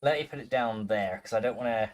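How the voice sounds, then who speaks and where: A chatty man talking casually on a home livestream. He rambles through his thoughts with frequent restarts and swears freely. His pitch sits in a middling range. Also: quick pace. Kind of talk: casual stream chat reading viewer messages. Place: home streaming room.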